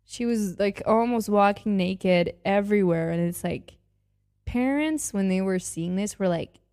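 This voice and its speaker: A young adult woman hosting a podcast, giving casual, gushing reaction commentary full of excited exclamations. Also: medium pitch, unhurried, clean tone. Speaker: podcast host.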